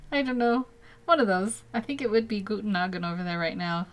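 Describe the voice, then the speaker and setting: A woman's voice: fairly high pitch, moderate pace. A woman chatting casually to a live-stream audience as she sketches a character. She rambles, laughs often and uses many fillers. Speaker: artist streaming a live drawing session. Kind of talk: casual live-stream chat while drawing.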